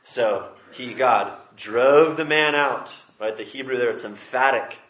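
A man's voice: mid-range voice, unhurried, a bit bright, roomy sound. A man preaching a sermon, reading scripture aloud and explaining it with emphatic rises. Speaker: pastor. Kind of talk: expository sermon.

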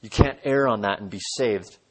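A man preaching an expository sermon, emphatic, asking his listeners rhetorical questions and swinging between loud and soft. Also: lowish voice, normal speed, slightly rough.

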